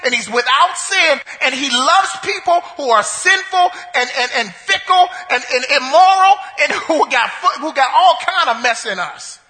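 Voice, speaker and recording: A male pastor preaching a sermon, emphatic and repetitive, building up to shouts. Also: extremely high pitch, lively intonation, normal speed, hardly any pauses, in a large hall.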